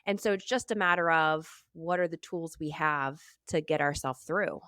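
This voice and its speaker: A woman hosts an interview podcast in a fairly low voice, recorded close and dry with no room sound. She talks in a reflective, conversational way and asks probing questions about her guest's life. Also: normal speed, fairly bright tone, dry recording. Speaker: podcast host.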